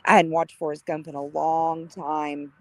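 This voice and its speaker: A middle-aged woman, chatting casually on a live stream, greeting viewers by name with gushing warmth and frequent laughter. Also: deep voice, little pitch movement, a little slow, dry recording.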